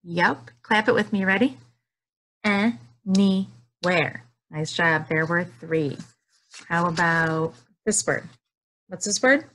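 A woman with a lowish, slightly bright voice and lively intonation teaches young children from the couch in her living room. She draws her words out slowly and cheers the kids on with sing-song prompts.

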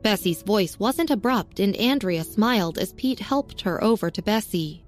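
Woman narrator, steady audiobook reading, medium pitch, faint music underneath. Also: normal speed, few pauses.

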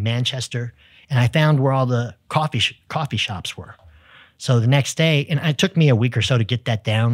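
A Texan man, a sales executive, telling lively business stories as a podcast guest, acting out the people in them. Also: mid-range voice, no room sound, studio quality. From United States. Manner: energetic, tells stories with quoted dialogue. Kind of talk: storytelling in conversation.

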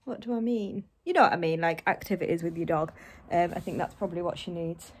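A woman's voice: fairly low pitch, quick pace, slightly rough. A young woman, chatting casually in a vlog and often talking to her dog. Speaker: vlogger.

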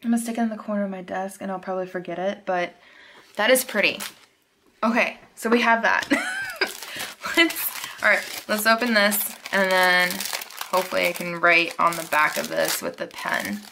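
A woman chatting casually to viewers at her desk at home while unboxing planner supplies, gushing and excitable with chatty asides. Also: mid-range voice, normal speed, vocal fry, background noise.

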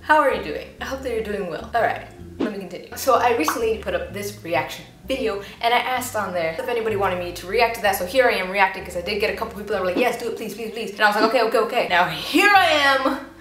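A woman's voice: mid-range voice, expressive, fast. Chatty young woman in an echoey room. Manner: chatty, giggly, voices the people on screen playfully. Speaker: YouTube reaction host. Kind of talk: casual reaction commentary. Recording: echoey room with faint noise.

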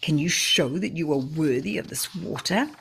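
A stern man who keeps a village well barks his demands, his husky voice rough at the edges, as a woman reading the story puts him on. His tone stays low and hard. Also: expressive, normal speed, heavily acted. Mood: suspicious. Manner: harsh, demanding.

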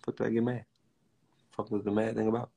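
A young man, ranting fast and profanely in casual slang on a livestream. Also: lowish voice, level tone, creaky, warm tone. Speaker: live streamer.

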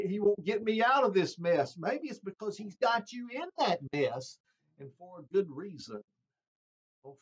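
Husky-voiced earnest male preacher. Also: high voice. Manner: earnest, emphatic, addresses listeners as friends. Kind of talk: sermon. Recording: dull lo-fi sound.

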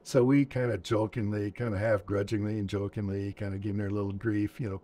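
A man's voice: lowish voice, level tone, fast talker, dark tone. A man in his seventies, a veteran interviewee, recounting war memories in a plainspoken storytelling manner and acting out old dialogue. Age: 70s.

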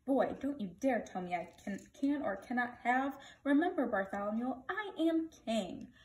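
A woman voicing a grumpy old male king who shouts his demands in a raised, high voice. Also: animated, moderate pace, close to an everyday voice. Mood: angry. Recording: echoey room.

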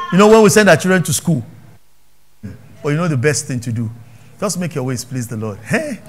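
A Nigerian man preaching a sermon as pastor, swinging from hushed asides to shouted questions and laughing often. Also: high-pitched.

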